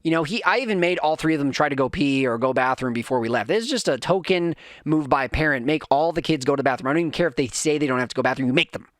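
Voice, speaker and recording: Man, 30s, podcast host, casual rant, rambling, self-correcting, slightly higher voice, dry close sound. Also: rapid-fire, few pauses, no room sound. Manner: animated, acts out his kids' voices.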